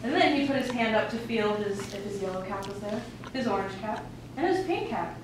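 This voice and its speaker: Playful woman storyteller, high voice; distant mic, noisy room. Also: expressive, brisk. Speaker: student storyteller. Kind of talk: reading a children's story aloud in class. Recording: echoey room, far mic, background noise.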